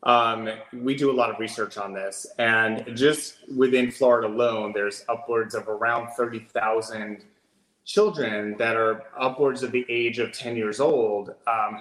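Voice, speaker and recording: An earnest man explains things at length in a conversational interview, often pausing on "um". His voice sits at an ordinary middle pitch and carries a noticeable roomy echo. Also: fairly bright tone. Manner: earnest, explanatory, with frequent ums. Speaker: adoption agency director.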